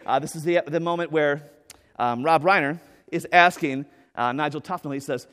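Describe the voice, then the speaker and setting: A man giving an enthusiastic, joking conference talk on stage, with lots of "right?" and quick asides. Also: mid-range voice. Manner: animated, enthusiastic, jokey with frequent "right?" and fillers. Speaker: conference speaker. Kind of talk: energetic conference keynote. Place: large conference hall. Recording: echoey hall with long reverb.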